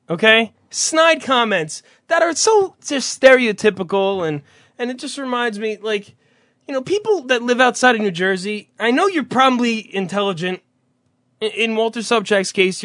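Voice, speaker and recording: A man's voice: high-pitched, sharp tone, dry recording, clean studio sound. A young man in casual chat who rambles through stories, swears freely and acts out other people's voices.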